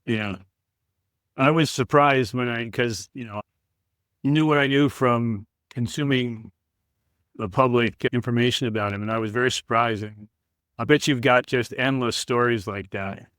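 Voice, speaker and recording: A man's voice: medium pitch, moderate pace, fairly bright tone, no echo, clean studio sound. A man hosting a podcast, asking questions in a casual, curious way. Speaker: podcast host. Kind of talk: casual interview.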